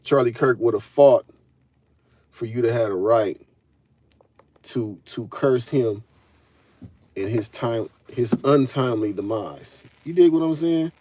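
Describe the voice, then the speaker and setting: A man hosts a casual live stream. His voice is mellow and dark, and he speaks at an everyday pitch. He talks loosely in slang and keeps calling out to his chat. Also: unhurried, pauses often, no room sound. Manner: loose slangy talk, addresses chat directly.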